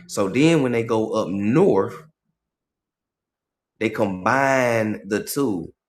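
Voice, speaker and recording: Animated man hosting a livestream. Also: fairly low pitch. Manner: animated, profane, asks "right?" often. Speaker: livestream host. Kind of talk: casual livestream commentary.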